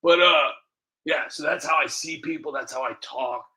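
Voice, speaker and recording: Rambling comedy host, man, fillers and cursing, bright sharp tone, slightly high voice. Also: moderate pace. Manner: rambling, filler-heavy, profane. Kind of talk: casual rambling comedy bits.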